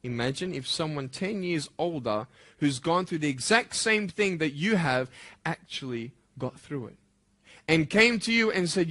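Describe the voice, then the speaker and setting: A man giving a motivational speech to school students, impassioned and swinging from soft, intimate lines to loud, emphatic ones. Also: fairly high pitch, lively intonation, measured pace.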